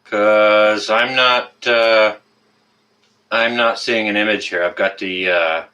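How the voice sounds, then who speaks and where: Hosting a casual webcam livestream, a man with a Canadian accent greets his viewers by name, one after another. His low voice has a bright, forceful edge, and he speaks slowly with fairly even intonation.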